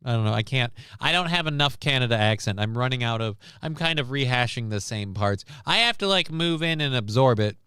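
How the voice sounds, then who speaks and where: A man in a casual streaming rant, his voice clear and resonant at an ordinary pitch. He is sarcastic and profane, wandering between asides as he talks. The recording is dry and close to the mic. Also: lively intonation, a little fast, hardly any pauses, sharp tone, no echo. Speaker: streamer host. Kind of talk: casual news commentary rant.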